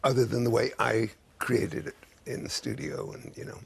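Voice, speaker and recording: A man in his eighties, a guest on a chat show, talking haltingly with many pauses to find his words. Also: medium pitch, little pitch movement. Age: 80s. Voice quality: gravelly, husky. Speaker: guest songwriter. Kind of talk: casual chat show interview.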